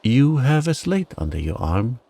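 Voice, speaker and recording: A man's voice: medium pitch, sing-song, a little slow, creaky, dark tone, dry recording, pitched above the performer's own voice, heavily acted. A man voicing a fussy, earnest male talking frog in a storybook tale. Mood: coaxing.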